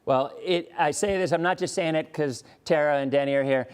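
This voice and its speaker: American weather guy hosting a chat, kinda high voice, rambly, lots of restarts n chuckles. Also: fairly quick, smooth. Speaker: weather presenter and show host. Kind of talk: casual interview chat.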